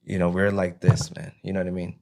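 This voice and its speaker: A man recounts his own hard past as an interview guest. His voice sits low and barely moves in pitch, and his telling is halting, looping back with "you know what I mean". It sounds like a relaxed personal testimony. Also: gravelly.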